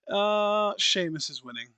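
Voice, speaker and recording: A man co-hosting a casual wrestling podcast, wry and teasing, with quick jokes. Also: fairly high pitch, bright, forceful tone, dry recording, dull audio. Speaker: podcast co-host.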